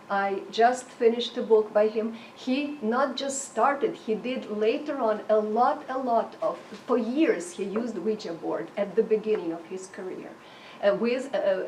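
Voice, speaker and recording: Halting woman commenting in an echoey room. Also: mid-range voice, darkish tone. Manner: halting, many fillers and restarts. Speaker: support group attendee. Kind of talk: group discussion comment. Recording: echoey room, mic far off, faint noise.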